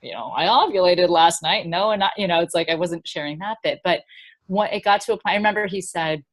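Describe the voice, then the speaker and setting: Woman, middle-aged, lowish voice, open rambling storyteller, laughs often. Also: fast talker. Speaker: guest speaker. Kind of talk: personal storytelling in conversation.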